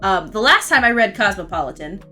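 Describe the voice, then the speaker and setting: Young woman streamer, vaguely Southern, bright and giggly, rambling chat over faint music. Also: mid-range voice, very animated, a little fast. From Florida, US. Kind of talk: casual chat while drawing and reading chat.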